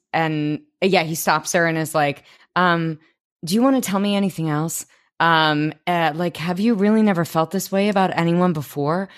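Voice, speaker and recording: A woman co-hosting a podcast, recapping a TV episode in casual chat, swearing freely and acting out characters' lines. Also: sits low. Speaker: podcast co-host.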